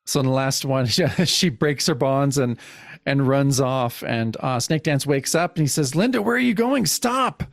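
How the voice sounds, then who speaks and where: A man's voice: medium pitch, steady tone, normal speed, dry recording. A man co-hosting a casual comics podcast, easygoing and often laughing as he reads panels aloud. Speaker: podcast co-host.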